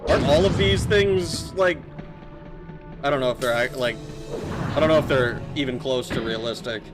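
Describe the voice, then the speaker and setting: A man's voice: medium pitch, normal speed. Joking male streamer over game music. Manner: joking, chatty, laughs often. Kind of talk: casual gameplay commentary.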